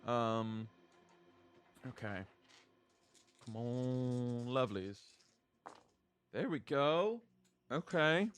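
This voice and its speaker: A man's voice: drawn-out words, pauses often, fairly bright tone, soft background music. A young adult man playing a tabletop role-playing game, who talks playfully and theatrically.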